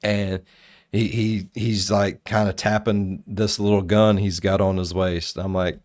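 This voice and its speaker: A man with a notably deep voice talks casually to his audience, drifting into long, profanity-laced stories. He sounds close and dry, with no room sound around him. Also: unhurried, no echo. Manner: profane, rambling and animated. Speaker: reaction video host. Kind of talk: casual storytelling commentary.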